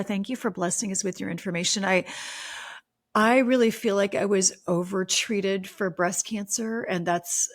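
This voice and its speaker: A woman hosting a podcast, talking in an effusive, faith-filled way. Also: on the low side. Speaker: podcast host. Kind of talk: casual podcast chat and ad read.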